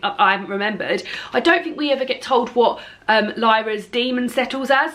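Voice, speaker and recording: Young woman vlogging at home, bright clear voice, giggles a lot, chatty with loads of ums. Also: a little high. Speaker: book vlogger. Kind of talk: casual chat to camera. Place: at home indoors.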